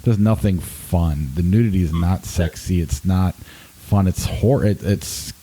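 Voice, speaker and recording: Very deep, dark-voiced man in his forties. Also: slightly rough, rough recording. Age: 40s. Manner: hesitant, halting, full of restarts. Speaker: podcast co-host and film critic. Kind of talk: casual podcast review.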